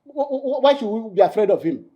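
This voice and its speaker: An indignant defiant leader. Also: male voice, high-pitched, big pitch swings, quick pace, dull audio. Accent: Nigerian. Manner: stammers in outrage. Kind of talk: Nollywood film acting.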